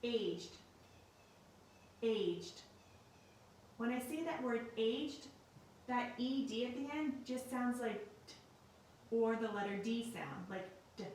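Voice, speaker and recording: A woman teacher giving a recorded lesson in a slow, clear and patient way. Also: a little high, a little mellow, a little hiss or hum. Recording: very echoey room, mic at a distance.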